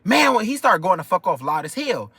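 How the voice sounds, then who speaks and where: A young man from Detroit with a Detroit accent, telling a personal story in an animated, profane way with many filler phrases. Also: sits high, brisk, husky, no echo. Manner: animated, profane, keeps repeating "whatever the case may be". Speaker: vlogger. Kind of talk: casual storytime.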